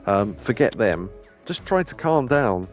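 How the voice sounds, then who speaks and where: A man's voice: fairly low pitch, sing-song, measured pace, soft background music. A man hosting a let's play, thinking aloud about choices and swearing freely. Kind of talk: casual gameplay commentary.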